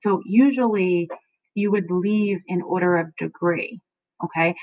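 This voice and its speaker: A woman's voice: fairly low pitch, moderate pace, dry recording. A woman teacher explaining a play to her students, checking in often with a questioning "okay?". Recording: dry, tinny phone-like sound.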